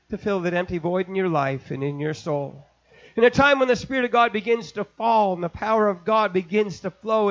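A man preaching an impassioned sermon, building from quiet storytelling to shouting. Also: high-pitched, dull audio. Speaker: pastor.

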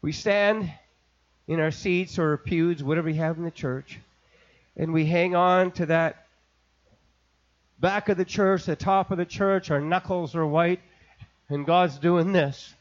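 A man preaching an impassioned sermon, building from quiet storytelling to shouting. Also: fairly high pitch, steady tone, unhurried, pauses often, muffled recording. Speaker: pastor.

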